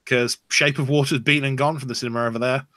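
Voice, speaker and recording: A man's voice: medium pitch, fairly even intonation, quick pace, bright, forceful tone, dry recording. A man hosting a podcast, chatting casually and thinking aloud as he talks. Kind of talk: casual chat.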